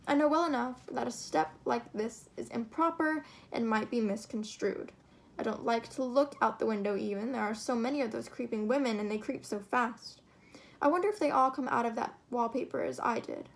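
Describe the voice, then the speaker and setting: A woman reading a short story aloud in an expressive, steady storytelling manner. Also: a little high, vocal fry. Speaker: reader.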